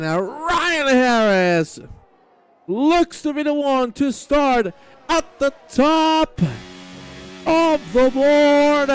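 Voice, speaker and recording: A man's voice: very high-pitched, poor audio. A man calling the action in sim racing broadcast commentary, hyping results and addressing the audience. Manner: hype play-by-play, addresses the audience. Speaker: race commentator.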